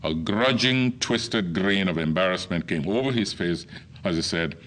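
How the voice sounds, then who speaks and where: An older man from Nigeria delivering a formal lecture in a measured, oratorical manner. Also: sits low, a bit bright, a little hiss or hum. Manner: measured, oratorical delivery with wide swings in emphasis.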